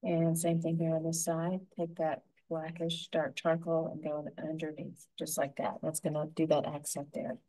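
A woman with a low, mellow voice leads a painting lesson step by step. She talks gently and without hurry, narrating each brushstroke as she makes it. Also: monotone, low-quality recording. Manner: gentle, unhurried, talking through each brushstroke. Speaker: painting instructor.

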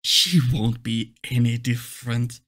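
A man voicing a cold inner demon that talks the hero down in slow, discouraging words. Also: medium pitch, a bit bright, pitched below the performer's own voice. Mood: taunting.

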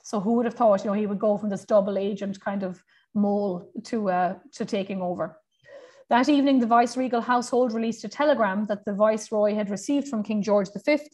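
A woman's voice: mid-range voice, fairly quick, a little mellow. Woman giving a chatty history lecture. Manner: conversational, reads quotes aloud, frequent fillers and self-corrections.

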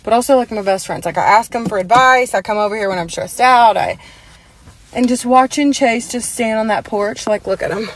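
A woman chatting excitedly in a casual vlog, gushing and upbeat, filmed on a phone indoors and outdoors. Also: fairly high pitch, fairly quick, low-quality recording. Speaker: vlogger.

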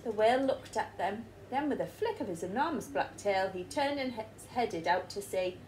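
Woman, English accent, teacher, storybook read-aloud, mid pitch, asks the children questions, faint background noise. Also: lively intonation, normal speed, darkish tone, low-quality recording.

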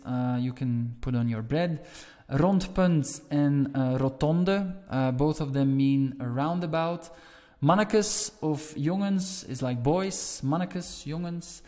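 Flemish-accented man teaching, mellow voice. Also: medium pitch, in a large hall. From Flanders. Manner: relaxed, explanatory, with frequent fillers. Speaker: Dutch teacher. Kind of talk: explaining lesson to camera.

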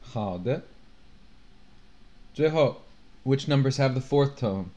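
A man teaching a Chinese lesson, slowly drilling numbers and tones with his students. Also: medium pitch, expressive, dark tone. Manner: very slow and deliberate, modelling tones. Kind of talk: classroom lesson, drilling pronunciation.

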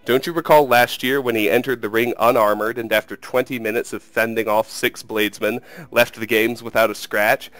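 A man voicing a huge, jovial war chief who talks in a hearty, rumbling way. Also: steady tone, moderate pace, hardly any pauses, fairly bright tone, no room sound, lightly acted.

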